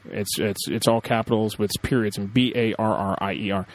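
A man's voice: on the low side, steady tone, fairly quick, a little hiss or hum. A man co-hosting a casual podcast chat, talking with frequent fillers and hesitations. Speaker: podcast co-host.

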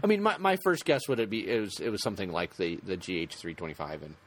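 A man co-hosting a casual podcast chat, talking in halting bursts with many restarts and fillers. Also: low-pitched, animated.

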